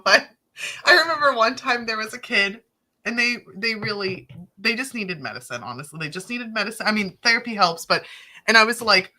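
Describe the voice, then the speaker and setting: Lively, bright-voiced joking woman. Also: medium pitch, fairly quick. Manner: animated, joking. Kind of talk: casual chat.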